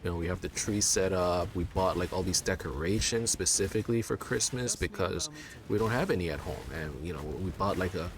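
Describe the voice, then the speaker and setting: A Chinese man in his thirties who plays let's play games chats casually, telling a wandering story full of fillers and restarts. He speaks a bit fast in a low voice, with crowd noise in the background.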